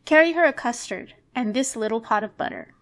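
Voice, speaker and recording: A woman voicing a fond, caring village mother who gives gentle instructions. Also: fairly high pitch, expressive, brisk.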